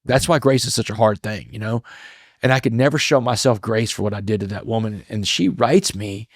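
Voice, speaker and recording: A man speaks as a podcast guest, earnest and reflective as he tells his story, often stopping to restart a phrase. His voice sits low. The sound is dry and close, with no room echo. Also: brisk. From Texas. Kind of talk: emotional storytelling interview.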